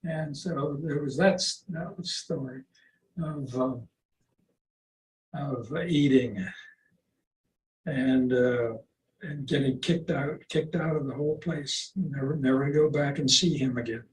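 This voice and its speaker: A man in his eighties telling stories casually as a qigong teacher, rambling and halting, with restarts and chuckles, heard over a video call. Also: mid-range voice. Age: 80s. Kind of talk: casual storytelling. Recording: roomy, distant video-call audio with faint noise.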